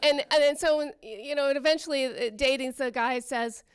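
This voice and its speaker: A woman from Oakland doing a rambling, self-deprecating stand-up routine with halting restarts. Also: sits high. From Oakland, California. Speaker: stand-up comedian.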